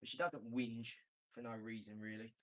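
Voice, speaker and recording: A man, hosting a casual live stream, brash and boastful, with slang and swearing, swinging from loud outbursts to low mumbling. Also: flat delivery, normal speed. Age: 40s.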